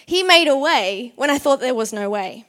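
A woman's voice: high voice, normal speed. Earnest young woman preaching a sermon. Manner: earnest, conversational, with bursts of excited animation. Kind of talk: sermon with personal story.

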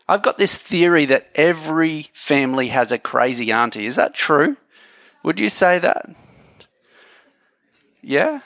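A man's voice: on the high side, lively intonation, unhurried, pauses often, fairly bright tone, no room sound, clean studio sound. A man preaching a sermon in a conversational, joking way, talking with his audience.

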